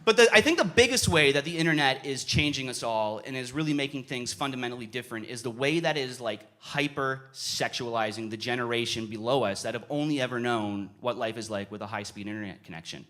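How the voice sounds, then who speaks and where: A young man performing a stand-up comedy set on a club stage, with animated delivery and sudden yelling bursts as he acts out stories. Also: mid-range voice, fast, hardly any pauses. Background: audience laughter.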